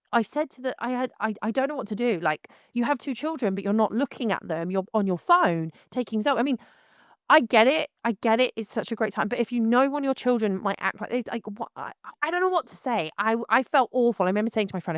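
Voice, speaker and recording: A woman's voice: on the high side, no echo, clean studio sound. A woman, a photographer, telling a story about a client in a rambling, exasperated monologue full of restarts. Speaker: photographer and host.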